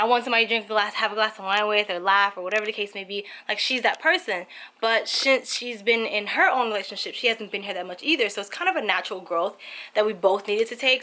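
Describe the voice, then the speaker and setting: A young woman vlogging from her apartment, telling a story in a casual, animated way with lots of "like" fillers. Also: medium pitch. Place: apartment, indoors.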